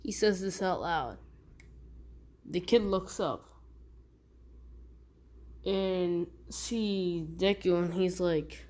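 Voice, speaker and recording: Woman storyteller, casual fan-fiction telling; slow, rambling, self-correcting. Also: fairly low pitch, a little mellow.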